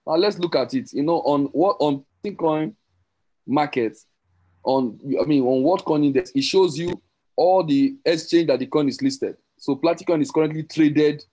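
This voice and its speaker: A man giving an excited, rambling sales pitch on an online call, repeating and correcting himself as he goes. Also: normal speed, poor audio. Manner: rambling, repetitive, self-correcting, teasing. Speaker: crypto promoter hosting a group call.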